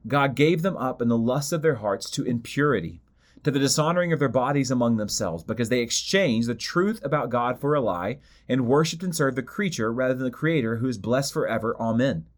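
A man teaching through a book of the Bible, reading scripture aloud and stressing points by repeating phrases and slowing down. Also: mid-range voice, animated.

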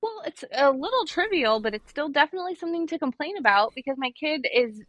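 Chatty mom with a dry close sound. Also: female voice, high-pitched, lively intonation, fast talker, fairly bright tone, no room sound. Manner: chatty, storytelling, laughs often, swears. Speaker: podcast co-host. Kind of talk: casual chat.

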